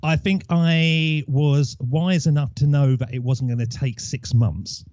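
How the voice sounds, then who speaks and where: A man's voice: on the high side, steady tone, measured pace, a little mellow, no room sound, muffled recording. A man in his forties, a podcaster telling his story as a guest in a casual interview, rambling from one thought to the next. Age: 40s.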